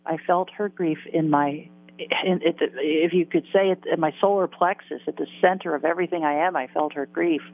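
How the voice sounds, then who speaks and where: A woman's voice: low-pitched, steady tone, a little fast. A woman in her sixties, an interview guest, tells a personal story in an earnest, vivid way, repeating phrases for emphasis. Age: 60s. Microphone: telephone. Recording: tinny phone line.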